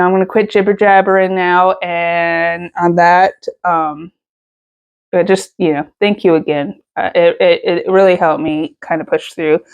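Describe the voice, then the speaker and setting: A woman talks to her vlog audience in a slightly low voice. She rambles, restarts and fills pauses, and emotion often comes through as she tells her story. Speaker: vlogger. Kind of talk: casual personal vlog.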